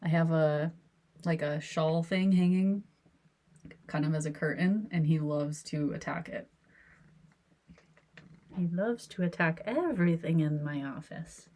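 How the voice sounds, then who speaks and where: A woman's voice: deep voice, unhurried, pauses often, dark tone. A woman who hosts an art channel, chatting casually and laughing often as she sketches in her home office. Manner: giggly, rambling, with frequent laughs. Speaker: artist and video host. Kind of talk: casual chat while sketching.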